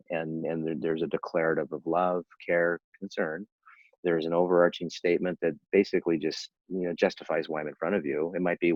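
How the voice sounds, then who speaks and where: An older man in his sixties with a very low voice rattles through his points quickly, earnest and persuasive and often restarting his sentences. The sound is dry and dull, like lo-fi video call audio. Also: a little mellow, dry recording. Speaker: interventionist guest. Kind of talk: casual interview talk.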